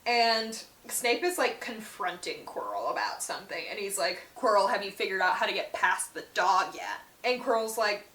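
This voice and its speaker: A woman's voice: mid-range voice, expressive, normal speed, few pauses, a bit bright. A woman hosting a book channel, giving a casual, chatty recap and slipping in and out of the characters' quoted lines. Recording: roomy echo, mic at a distance.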